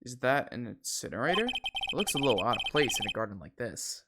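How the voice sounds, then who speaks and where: A man's voice: mid-range voice, very animated, brisk, very noisy. A man streaming a playthrough of a story game, reading the lines aloud and making wry, chatty asides. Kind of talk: let's play with reading aloud.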